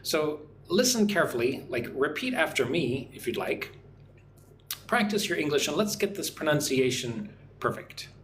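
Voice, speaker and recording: A man teaching an English lesson on a livestream, chatting with viewers and modelling pronunciation slowly, often asking "right?". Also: fairly high pitch, big pitch swings, a bit bright, a little hiss or hum. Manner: friendly, repeats "right?" often, slow careful modelling of words. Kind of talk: live-streamed English lesson. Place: home in Vietnam. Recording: echoey room with faint ambience.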